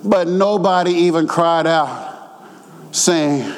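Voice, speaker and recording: A man preaching a sermon, swelling into near-shouted, sing-song emphasis. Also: a little high, slow pace. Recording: long hall reverb.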